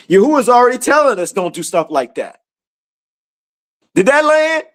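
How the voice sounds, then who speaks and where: A woman leading a casual livestream Bible study, animated and laughing, talking to viewers as y'all. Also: fairly high pitch, normal speed. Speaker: scripture study teacher.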